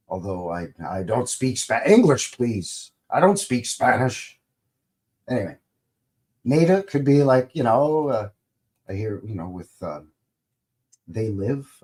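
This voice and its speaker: Rambling, folksy Canadian live stream host. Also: male voice, mid-range voice, darkish tone. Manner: rambling and folksy, many fillers and restarts. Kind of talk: casual live stream chat.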